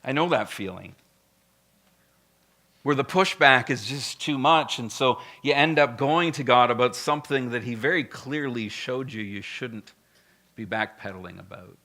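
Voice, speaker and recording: A man's voice: medium pitch, normal speed, bright, forceful tone. A male pastor preaching a sermon in a blunt, emphatic, conversational way, with frequent direct asides to the congregation.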